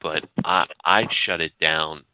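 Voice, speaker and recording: A man in casual chat, skeptical and measured, correcting and weighing in. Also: extremely low pitch, steady tone. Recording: tinny phone line with noise.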